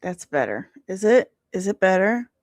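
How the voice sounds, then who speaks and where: A woman's voice: mid-range voice, sing-song, moderate pace, a little mellow, dry recording, studio quality. A young woman hosting a casual live stream, bantering playfully with her chat and laughing in exasperation. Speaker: host of a pop culture live stream.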